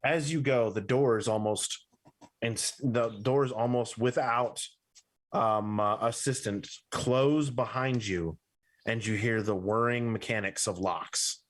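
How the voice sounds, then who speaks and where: Man, game master, tabletop narration, halting, restarts, middle pitch.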